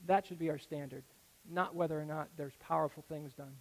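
A man preaching a sermon that explains a Bible passage, earnest and explanatory, often dropping to a soft, low tone. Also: steady tone, a little fast. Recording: echoey hall with long reverb.

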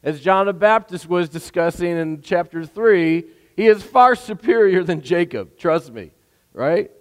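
A fairly high-voiced man preaches in a casual, animated way, often tossing a "right?" to his listeners. His voice rings with a long reverb from a large hall. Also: a little slow. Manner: animated, conversational, asks the hearers "right?". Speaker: pastor. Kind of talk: sermon.

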